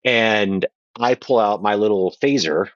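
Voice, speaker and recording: A man guest on a podcast telling a playful anecdote in a casual, animated way. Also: on the low side, a little slow, no room sound, dull audio. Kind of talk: casual storytelling.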